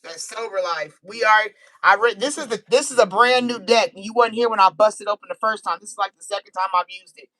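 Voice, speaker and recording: An American woman doing a casual live-stream tarot reading, animated and chatty, laughing easily. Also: mid-range voice, brisk, few pauses, poor audio. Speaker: tarot reader.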